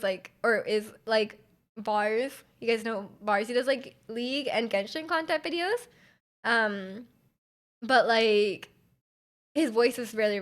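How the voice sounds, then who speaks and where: A woman streamer chatting casually with her viewers, loud and energetic, full of fillers, her volume jumping around. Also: on the high side. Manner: chatty, many fillers, reads chat aloud. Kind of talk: casual live-stream chat.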